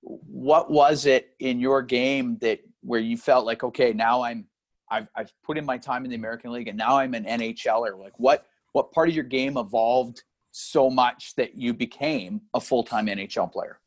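A man's voice: medium pitch, normal speed. A man hosting a casual interview, asking long, conversational questions about a hockey career. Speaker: interview host.

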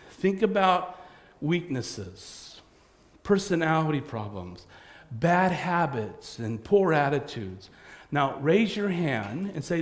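Animated preacher man in a roomy hall. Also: on the high side. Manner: animated storytelling, acting out voices. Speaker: pastor. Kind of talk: sermon. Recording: roomy echo.

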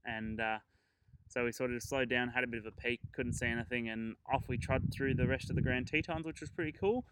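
A man's voice: medium pitch, steady tone, brisk, very noisy. A man hosting a travel podcast, chatting casually and rambling through his trip stories with fillers and chuckles.

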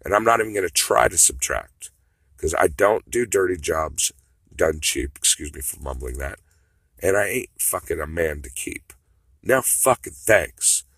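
A man's voice: deep voice, lively intonation, a little slow, fairly bright tone, husky, no room sound. A man talking in a rambling, profane monologue that swings between mutters and outbursts.

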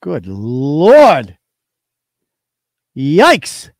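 A man's voice: sits high, sing-song, moderate pace, no room sound. A man hosting a livestream, talking bluntly and sarcastically, often crude. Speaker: host. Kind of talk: livestream commentary.

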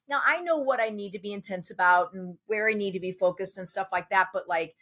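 A woman who works as a personal trainer and health coach, talking with enthusiasm as a podcast guest. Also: medium pitch. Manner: enthusiastic, animated storytelling. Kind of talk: casual podcast conversation.

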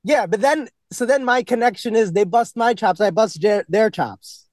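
Blunt high-voiced man. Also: normal speed, no echo. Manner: blunt, profane storytelling, acts out kids' lines. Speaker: podcast co-host, substitute teacher. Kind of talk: casual podcast chat.

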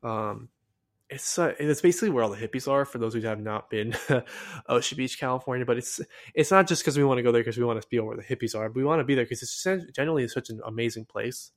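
Young American man, solo podcast host; excitable, rambling casual delivery full of fillers. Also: medium pitch, fast.

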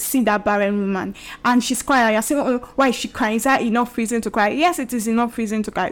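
Talking straight to the camera on her own show, this young podcast and video host has a slightly high voice and a casual, chatty manner. She tends to repeat herself, leans on fillers and breaks into the occasional laugh.

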